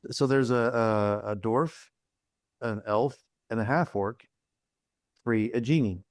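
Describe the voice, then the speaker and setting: A man's voice: medium pitch, slow, no echo, studio quality. A man chatting on a remote call at a game cast roundtable, telling jokes as a storyteller. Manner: joking storyteller. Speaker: fighter player. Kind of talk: casual roundtable chat.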